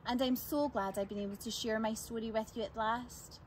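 A woman voicing a kindly, frail old lady in a storybook read-aloud, speaking gently and calling the children "dears". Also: a little high, fairly even intonation, moderate pace, slight background noise, lightly acted, low-quality recording. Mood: gentle. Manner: gentle, warm endearments to children.

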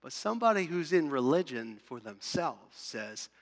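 Bright-voiced pastor preaching in a reverberant church. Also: male voice, high voice, expressive, a little slow. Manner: emphatic, swings from loud to hushed; asks the congregation questions. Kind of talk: sermon. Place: church sanctuary.

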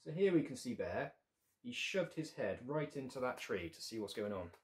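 A man's voice: mid-range voice, very animated, normal speed, noisy background. A man reading his picture book aloud to children, with playful asides to young listeners.

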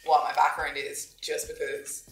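A woman's voice: sits low, little pitch movement, measured pace. A young woman with an Irish accent, speaking earnestly and emphatically in a casual group discussion. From Ireland. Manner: earnest, emphatic, weary of the questions. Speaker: panel guest. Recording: distant roomy sound with faint music.

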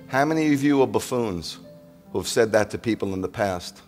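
A man's voice: mid-range voice, lively intonation, moderate pace, darkish tone, big-room sound, soft background music. A man preaching a sermon to his congregation as their rabbi, speaking conversationally and pressing listeners with emphatic repeated questions.

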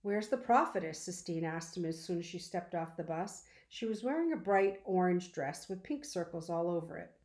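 A woman reads a children's novel aloud in a calm, measured way. Her voice sits on the low side. The recording has a roomy echo. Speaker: audiobook reader.

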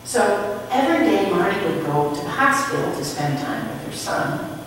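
A woman minister tells a sermon story at an unhurried pace, her voice lifting and falling with lively expression. She is heard from a distance in a church sanctuary with long reverb. A faint hiss sits under the sound. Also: on the low side. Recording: echoey hall from afar, faint noise.

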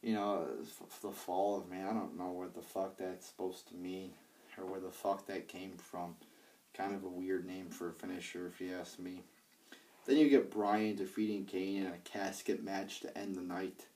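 A man's voice: deep voice, level tone, moderate pace, darkish tone, distant mic. A young man casually reviewing a wrestling show, rambling and profane, with lots of fillers and restarts. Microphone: handheld iPad.

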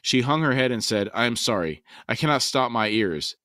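A man's voice: medium pitch, expressive, moderate pace, bright, forceful tone, dry recording, studio quality. A man co-hosting a book podcast, reading passages aloud with light character inflection and adding commentary.

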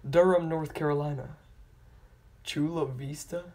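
A channel host slowly reading out a long list of place names, stumbling on hard ones, retrying them and apologizing for mispronouncing. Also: mid-range voice, steady tone, darkish tone. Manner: apologetic about pronunciation.

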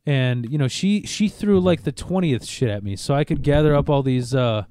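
A man's voice: mid-range voice, normal speed, no echo, clean studio sound. A man casually telling a long story on a podcast, swearing freely and acting out the people in it. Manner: animated, acts out quotes, swears a lot, restarts.

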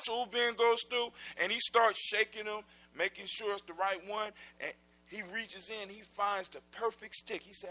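A man telling a folk tale aloud in a casual, animated, conversational way. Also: high-pitched, normal speed, poor audio. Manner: animated, conversational, informal grammar. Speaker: storyteller. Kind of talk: casual oral storytelling.

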